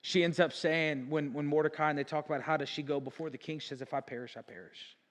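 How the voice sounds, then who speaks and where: A man's voice: fairly high pitch, fairly even intonation, quick pace. A male pastor preaching a sermon in a casual storytelling way, often saying "like" and correcting himself. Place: church sanctuary. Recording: long church hall reverb.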